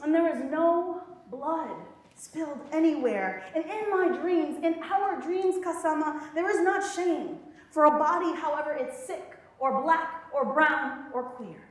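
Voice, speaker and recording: A woman's voice: high voice, unhurried, hardly any pauses. A woman poet performing spoken word in a college hall, with rhythmic, dramatic delivery and playful laughing asides to the audience. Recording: very echoey hall.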